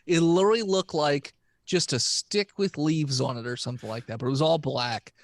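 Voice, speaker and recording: A man's voice: fairly high pitch, fairly quick, no echo, clean studio sound. A man joining a podcast as a guest, reacting casually to a film with hesitant, hedging remarks. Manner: lots of short agreeing backchannels, hesitant. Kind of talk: casual movie chat.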